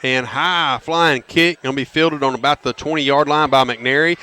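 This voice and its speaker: A man calling a high school football game on local radio, folksy and prone to loud excited calls on big plays. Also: normal speed, hardly any pauses. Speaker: play-by-play announcer. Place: stadium press box.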